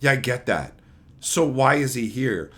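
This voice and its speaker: Young male streamer, bright and lively, with mocking, profane rant commentary. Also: medium pitch, a little slow. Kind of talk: ranting commentary.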